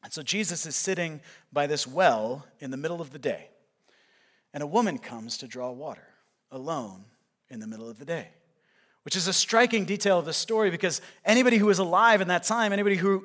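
A male pastor delivers a sermon in a conversational storytelling way, paraphrasing scripture for his listeners. His voice sits a little higher than most men's. He talks through the story rather than declaiming it. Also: brisk, fairly bright tone.

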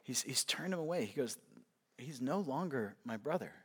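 A man preaching a sermon, swinging from loud, emphatic lines to hushed, quiet ones as he works through a passage. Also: mid-range voice, animated, moderate pace, slightly rough. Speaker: pastor.

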